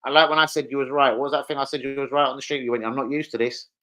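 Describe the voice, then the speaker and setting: A young man hosting a casual football live stream, excitable, swearing and calling out viewers by name. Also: medium pitch, racing. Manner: excitable, swears, calls out chat names.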